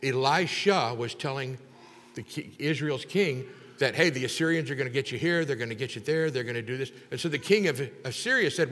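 A man in a mid-range voice preaches a sermon, telling the story with lively gusto and acting out each character. His voice rings through a large hall with a long reverb tail. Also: mid-range voice, a little fast. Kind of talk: sermon retelling a Bible story.

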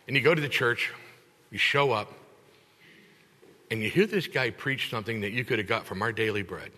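A man preaching a sermon in church, teaching with animated emphasis and acting out congregants in voices. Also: medium pitch, fairly quick, long reverb tail. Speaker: pastor.

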